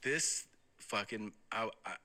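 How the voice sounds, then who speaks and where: Taking it slowly, a man whose voice is on the low side shares a casual, profane anecdote as a podcast guest. He's animated and quotes others throughout.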